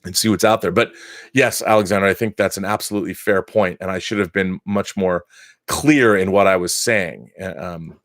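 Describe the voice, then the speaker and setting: A middle-aged man hosts a casual live chat from behind a dry, close microphone. His voice sits fairly low, and he rants with strong opinions, stumbling over restarts as he goes. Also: fairly even intonation, moderate pace, fairly bright tone, no echo. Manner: opinionated and ranting, with repeated restarts. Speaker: host.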